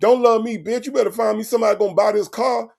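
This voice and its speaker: Man doing crude swaggering would-be pimp, barking orders, raised pitch, gravelly edge. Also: fairly even intonation, quick pace, darkish tone. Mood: swaggering bossy. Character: crude boastful man mocked as a wannabe pimp.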